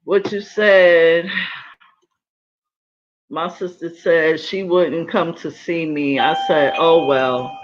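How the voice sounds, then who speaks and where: A middle-aged woman hosting a casual livestream, talking in an animated way, laughing often and repeating her points for emphasis. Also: lowish voice, slow, long pauses, dull audio, background noise. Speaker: livestream host.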